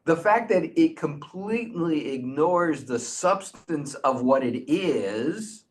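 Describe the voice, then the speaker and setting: Slow, animated male storyteller-teacher. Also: a little high. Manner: animated storyteller, frequent restarts.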